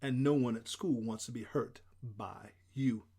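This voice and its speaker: A man voicing a calm, patient female schoolteacher who speaks slowly and soothingly in an audiobook. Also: medium pitch, breathy edge, natural voice. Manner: slow, measured, soothing. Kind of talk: audiobook character voice.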